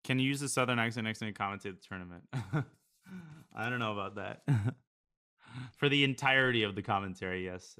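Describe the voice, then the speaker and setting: A man with a fairly low, bright and forceful voice talks through his online blitz games as he plays them. He thinks aloud and jokes around in a casual streaming manner. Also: fairly quick, long pauses. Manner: casual, joking, thinking aloud over moves. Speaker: chess streamer. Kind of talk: live commentary while playing online blitz.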